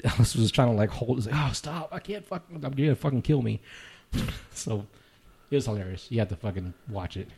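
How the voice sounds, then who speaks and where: A man's voice: lowish voice, creaky, darkish tone, slight background noise. A man co-hosting a podcast, telling a long story in casual chat, swearing often and laughing as he goes. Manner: profane, rambling storyteller who laughs often. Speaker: podcast co-host.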